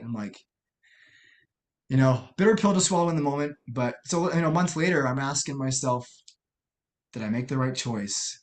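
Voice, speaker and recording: Middle-aged American man, podcast guest, earnest and halting, mid-pitched voice. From United States. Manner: earnest, halting, many restarts and fillers. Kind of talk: personal storytelling interview.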